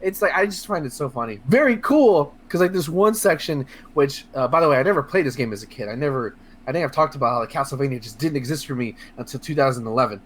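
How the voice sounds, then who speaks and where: A man co-hosting a casual video game podcast, talking in a rambling, excitable way with lots of fillers, restarts and swearing. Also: medium pitch, fast talker, hardly any pauses. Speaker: podcast co-host. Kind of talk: casual podcast chat about video games.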